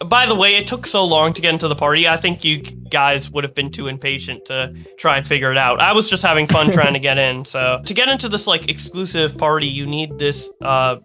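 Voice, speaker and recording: Bright-voiced young man telling a rambling story. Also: fairly high pitch, a little fast, hardly any pauses, soft background music. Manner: rambling retelling with many fillers and restarts. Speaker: storyteller guest. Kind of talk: casual podcast chat.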